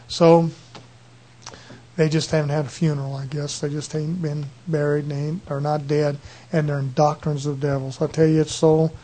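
A man's voice: fairly high pitch, darkish tone. Earnest folksy preacher man. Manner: earnest, folksy, repeats himself and restarts phrases. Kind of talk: conversational sermon.

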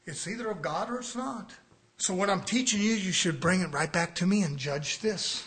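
A man preaching a fiery sermon in a high, bright voice. He drops to quiet murmurs, then climbs into ringing shouts. His tone stays sharp and insistent throughout. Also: normal speed. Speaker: pastor.

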